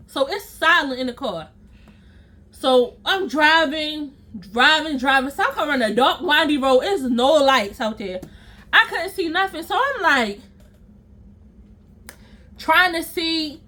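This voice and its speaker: A woman vlogger telling a personal story in an animated, emphatic and profane way, acting out scenes with sound effects. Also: high-pitched.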